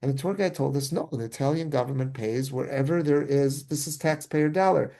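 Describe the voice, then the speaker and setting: A man's voice: mid-range voice, a little fast, mellow. A man, a rabbi, telling a travel story in casual discussion, rambling with frequent restarts and self-corrections.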